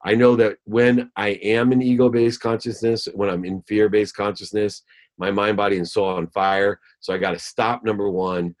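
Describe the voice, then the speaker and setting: Male guest, very low-pitched, motivational speaker who stacks phrases for emphasis. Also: level tone, normal speed. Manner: emphatic, lists ideas in rhythmic phrases; acts out voices when telling a story. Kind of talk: motivational talk.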